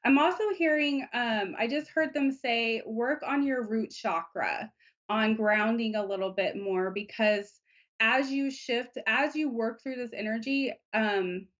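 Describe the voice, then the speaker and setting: A woman giving a live psychic reading, speaking in a gentle, unhurried, reassuring way. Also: a little high, lo-fi sound. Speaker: psychic reader.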